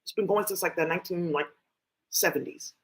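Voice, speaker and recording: A woman's voice: on the low side, brisk. A woman vlogger talking to camera in a rambling, emphatic monologue full of swearing.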